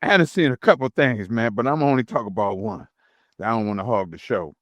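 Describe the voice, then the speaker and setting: A man's voice: fairly low pitch, fairly quick, no echo, muffled recording. A middle-aged man, co-hosting a podcast and telling a road story casually, acting out the people in it. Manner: animated, acts out voices in his story. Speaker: podcast co-host, truck driver.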